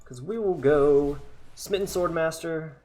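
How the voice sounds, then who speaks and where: A man's voice: on the high side, measured pace, mellow. A man casually commentating his own card game match, chatty and sarcastic, thinking aloud as he plays. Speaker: gaming content creator.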